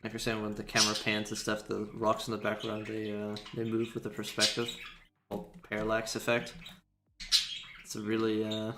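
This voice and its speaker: Gravelly young man chatting while drawing. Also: lowish voice, completely flat delivery, a little fast, reverberant, very noisy. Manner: rambling, laughs often. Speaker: livestream co-host animator. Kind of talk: casual chat while drawing.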